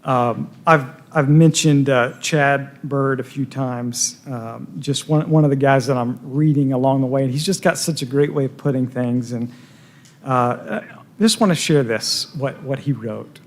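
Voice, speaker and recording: A man's voice: mid-range voice, fairly even intonation, a little slow. A man preaching a sermon in a church, earnest, stumbling over repeated words, his voice rising and falling with feeling. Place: church sanctuary.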